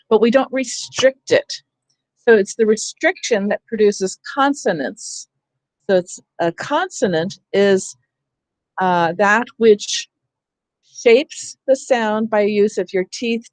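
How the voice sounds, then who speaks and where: A woman leading an online teacher workshop over a video call, animated and demonstrating sounds herself. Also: medium pitch, no echo. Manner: animated, acts out calling for help. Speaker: teacher trainer.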